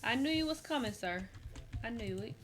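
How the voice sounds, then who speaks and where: A young adult woman streaming a game, tired and chatting in a rambling, relaxed way full of slang. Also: a little high, normal speed, a little hiss or hum. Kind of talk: casual gameplay chat.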